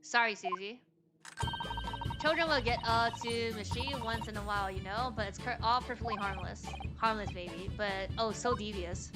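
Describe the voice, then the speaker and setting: A woman's voice: fairly high pitch, moderate pace. Woman streamer reading game dialogue aloud. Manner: reads every character's lines herself, with casual asides and swearing. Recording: game music playing underneath.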